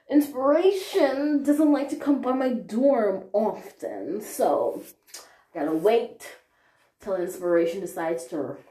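A young woman hosting her own podcast, giving a rambling, chatty, animated solo update. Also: medium pitch. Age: young adult. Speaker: podcast host. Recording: roomy echoey room.

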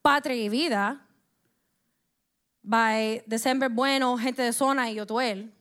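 A woman's voice: a little high, fairly even intonation, unhurried, fairly bright tone, clean tone. A young woman from the United States giving an impassioned personal monologue, emotional and close to tears, swearing as she speaks.

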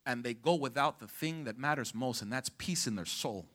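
A man preaching a sermon as pastor, calling out to the congregation to respond and rising to shouts at the peaks. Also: mid-range voice, normal speed. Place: church sanctuary.

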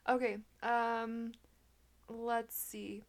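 Young woman podcast cohost, kinda high voice, giggly and chatty. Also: flat delivery, drawn-out words, a little hiss or hum. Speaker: podcast co-host. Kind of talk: casual chat.

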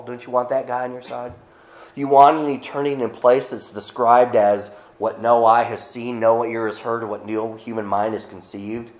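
A man's voice: medium pitch, roomy sound. A male pastor preaching a conversational sermon, with joking asides to the congregation.

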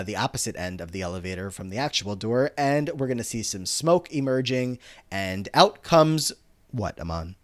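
A man hosting a podcast, recapping an episode in a casual, animated way and quoting characters often. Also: medium pitch. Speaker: podcast host.

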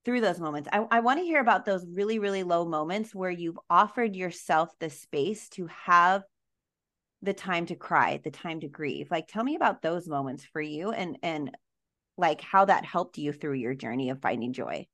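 Affirming woman podcast host, lower voice. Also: animated, moderate pace, a bit bright. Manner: affirming, reflective questioner. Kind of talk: interview conversation.

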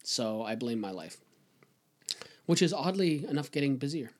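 A man's voice: medium pitch, lively intonation, moderate pace, darkish tone. A man from Canada co-hosting a podcast, bantering casually about politics with frequent swearing and jokes. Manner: profane, joking banter. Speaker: podcast co-host.

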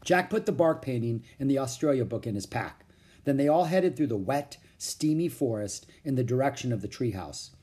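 Expressive children's audiobook narrator. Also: mid-range voice, normal speed, slightly rough. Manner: expressive storytelling. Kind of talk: children's book read aloud.

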